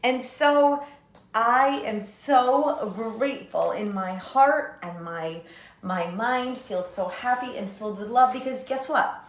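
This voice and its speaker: A woman's voice: on the high side, slow pace, reverberant, slight background noise. A woman teacher talking to young children in a remote lesson, in a sing-song way, spelling words out letter by letter.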